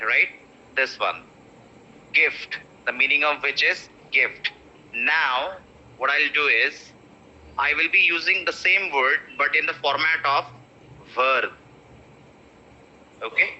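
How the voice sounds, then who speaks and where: A man's voice: on the high side, takes it slowly, long pauses, pushed and bright. A man teaching pronunciation in an online class. He repeats each word again and again and slips into Hindi phrases. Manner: repeats words over and over, mixing in Hindi phrases. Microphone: video call. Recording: dull lo-fi video call audio.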